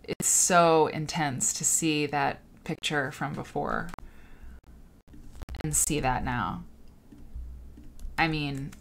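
Slow-talking woman hosting a livestream. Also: low voice, vocal fry, a little hiss or hum. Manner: emotional, talks to viewers and reads comments aloud. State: tearful at times. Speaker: host of a livestreamed quilting show. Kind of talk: casual livestream chat.

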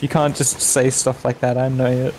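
A man's voice: mid-range voice, level tone, moderate pace, a little mellow, a little hiss or hum. A man playing a game with a friend, teasing him in profane, laughing banter. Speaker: co-player. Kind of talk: casual gaming banter.

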